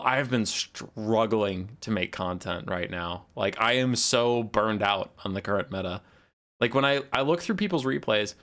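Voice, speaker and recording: Here a young man with a mid-range, fairly bright voice offers casual live stream commentary while casting a strategy game, his talk loose, meandering and sarcastic.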